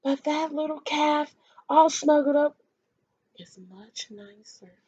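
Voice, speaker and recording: A woman voicing a gentle, sad little mother hen in a storybook, sighing and humming to herself. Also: high-pitched, slow pace, dull audio. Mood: glum, sighing.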